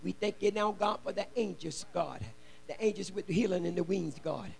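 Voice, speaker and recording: A man preaching a shouted revival sermon in a church, fervently chanting and exhorting the congregation in call-and-response. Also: sits high, brisk. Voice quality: gravelly, husky. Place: church sanctuary.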